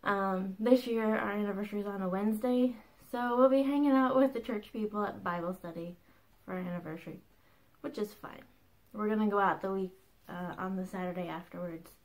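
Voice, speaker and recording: A woman's voice: mid-range voice, fairly quick, hardly any pauses, a little mellow, rough recording. A woman in her thirties hosting her own crafting podcast at home, chatting casually and bubbly, often breaking into a laugh between asides. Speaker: podcast host. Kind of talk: casual chat.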